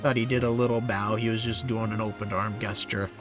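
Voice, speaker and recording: A man's voice: lowish voice, little pitch movement, fairly quick, over music. A man streaming a video game, making wry, joking asides between reading dialogue. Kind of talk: casual gaming commentary.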